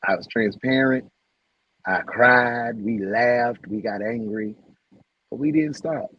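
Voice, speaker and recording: A man hosting a casual livestream, heartfelt and repetitive, shouting out viewers by name. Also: mid-range voice, takes it slowly, no echo, highs cut off. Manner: heartfelt, preachy, repeats phrases. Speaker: livestream host.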